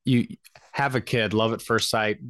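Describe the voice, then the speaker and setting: A man's voice: lowish voice, fairly even intonation, moderate pace, fairly bright tone, no room sound, studio quality. A young man, a new father, chatting casually as co-host and acting out quotes with a self-deprecating humor. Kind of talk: casual chat.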